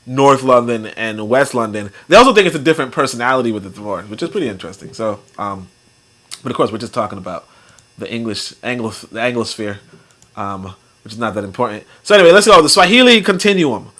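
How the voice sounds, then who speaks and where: A man's voice: mid-range voice, expressive, fast, fairly bright tone. A man hosting a casual talk show, rambling and joking as he reads comments and articles, laughing often and acting out other people's voices. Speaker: podcast host.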